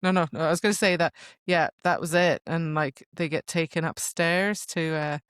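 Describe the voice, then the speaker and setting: A woman's voice: sits low, steady tone, normal speed, clear, resonant tone, no room sound, clean studio sound. A woman co-hosting a book podcast, recapping the plot in casual chat and laughing often. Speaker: podcast co-host.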